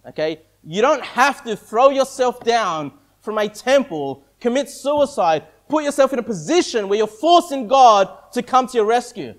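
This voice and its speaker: Brief: higher-pitched male pastor, casual preaching style, keeps checking in with the congregation. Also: sing-song, measured pace, few pauses. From Australia. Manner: conversational preaching, frequent "okay?" and "all right?" check-ins. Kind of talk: sermon.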